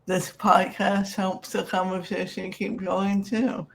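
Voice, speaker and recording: A middle-aged woman hosts a podcast interview in a casual, affirming way, filling pauses with everyday fillers. She talks slowly, and her voice has a gravelly fry. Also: medium pitch, little pitch movement, a little hiss or hum. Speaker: podcast host, sex therapist.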